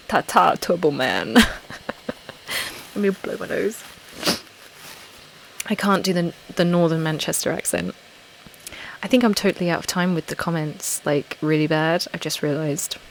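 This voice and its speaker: A woman from Essex, England hosts an ASMR channel live stream, chatting casually, reading out comments, and giggling in a self-deprecating way. Her voice is on the low side, steady and moderately paced with frequent pauses, recorded roughly on a desktop microphone with laptop fan noise behind her.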